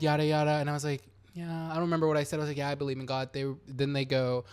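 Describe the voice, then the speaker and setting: A young podcast host tells a childhood story in casual conversation, swearing, animated, and acting out the people he quotes. His voice runs on the high side, rapid-fire, clear and resonant.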